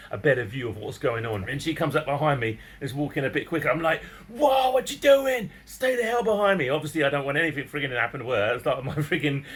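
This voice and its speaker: Excitable man telling a story. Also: mid-range voice, breathy edge. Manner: excitable, chatty, peppered with mild swearing and chuckles. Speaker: vlogger. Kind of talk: animated storytelling to camera.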